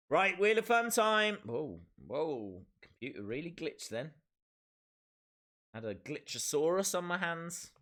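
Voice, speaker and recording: Male live-stream host, playful and chatty, bright lively voice, unhurried delivery. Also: mid-range voice. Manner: playful, chatty, reads viewer comments. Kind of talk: casual live-stream commentary.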